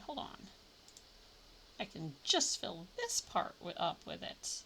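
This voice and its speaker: Female streamer, casual live commentary, chatty and self-talking, gravelly edge, lively pitch. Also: unhurried, a little hiss or hum. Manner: chatty, thinks aloud, sudden playful exclamations.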